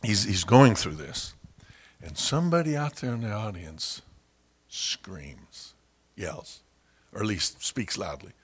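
A man preaching a sermon, telling stories and acting out quoted voices with loud, high outbursts. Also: very animated, takes it slowly, slightly rough. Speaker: pastor.

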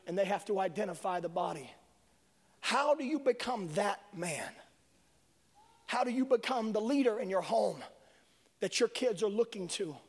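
A male preacher delivering a sermon, swinging from hushed whispers to shouting. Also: sits high. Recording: long reverb of a large hall.

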